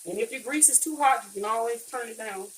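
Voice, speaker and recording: A cooking vlogger with a Southern US accent from Mississippi chats homey and casual with her viewers while cooking in her home kitchen, calling them y'all and honey in a cook-along style. Her voice is on the high side, fast, and fairly bright in tone, with a little hiss or hum on the recording.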